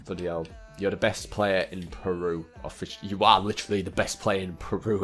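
Young man, lowish voice, chatty, joking, game commentary, faint music behind. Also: little pitch movement, a little fast, few pauses, fairly bright tone. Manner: chatty, joking, talks to the game players, laughs often. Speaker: gaming YouTuber. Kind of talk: casual gameplay commentary.

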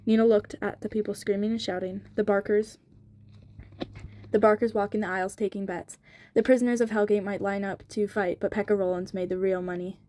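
A woman reading a novel chapter aloud in a storybook reading, quick and even. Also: mid-range voice. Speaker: audiobook reader.

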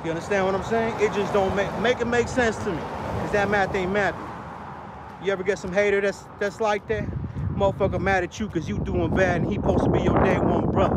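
High-voiced man ranting outdoors. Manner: ranting, streetwise slang, profane. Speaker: vlogger. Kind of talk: casual street vlog rant. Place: outdoors on a city street. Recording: noisy street recording. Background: traffic and street noise.

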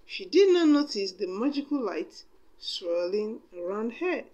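Woman storyteller reading aloud: slow, very lively intonation, chatty asides. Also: medium pitch, lo-fi sound. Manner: expressive, with chatty asides to listeners.

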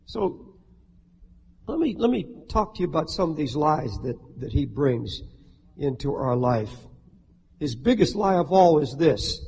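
A man's voice: a little high, big pitch swings, a little slow, vocal fry, a little mellow, long reverb tail, slight background noise. A pastor preaching an emphatic sermon from the pulpit, firing rhetorical questions at his congregation. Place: church sanctuary with a congregation.

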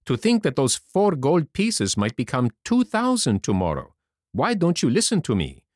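A man voicing a sly, smooth-talking fox swindler with an oily, persuasive manner, for a storybook reading. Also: fairly high pitch, huge pitch swings, moderate pace, darkish tone, dry recording, clean studio sound, pitched above the performer's own voice.

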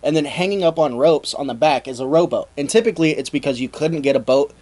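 A man hosting a comedy history podcast, explaining the story in a relaxed, dry-humored way. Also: fairly high pitch, fast. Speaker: podcast host telling the story. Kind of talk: casual storytelling chat.

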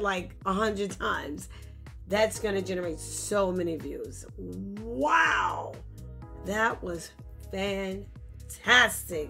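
A woman's voice: mid-range voice, fairly bright tone. Woman, casual tutorial, bubbly, exclaims a lot, faint music underneath. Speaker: content creator demonstrating software. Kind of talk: casual screen-recorded tutorial.

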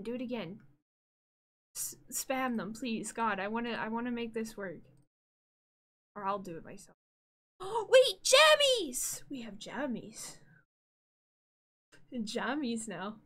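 A woman streamer with a fairly high voice chats on a live stream from her room at home. She is bubbly and easily distracted, and she drifts from topic to topic with sudden excited squeals. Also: moderate pace, pauses often. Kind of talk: casual live-stream chat. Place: home room with green screen.

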